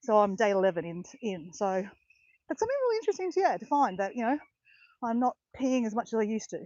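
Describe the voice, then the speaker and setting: A chatty woman of about fifty vlogs on a walk through botanical gardens, rambling and correcting herself as she talks. Her fairly high, darkish voice is very animated and fast, and the audio is muffled with no room sound.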